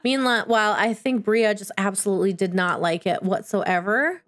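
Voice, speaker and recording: A woman giving chatty, excitable Let's Play commentary over a life-simulation game, breaking into squeals at small wins. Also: medium pitch, moderate pace. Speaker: gaming YouTuber.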